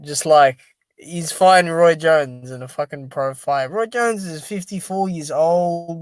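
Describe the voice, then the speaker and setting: A tired, sleepy man chatting casually on a live stream, reacting out loud and reading viewer comments. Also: on the high side, unhurried, smooth, no room sound. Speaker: boxing stream host.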